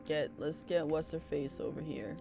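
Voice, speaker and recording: A woman's voice: low voice, normal speed, creaky, over music. A young woman streaming a video game, talking casually and swearing at it when frustrated. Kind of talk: casual gameplay commentary.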